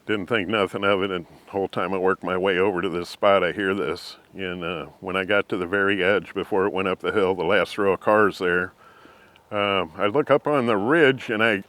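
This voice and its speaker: Folksy low-voiced storyteller. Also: male voice, fairly bright tone, no room sound. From Missouri. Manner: rambling folksy anecdotes with frequent throat clearing. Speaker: interviewee. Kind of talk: casual storytelling.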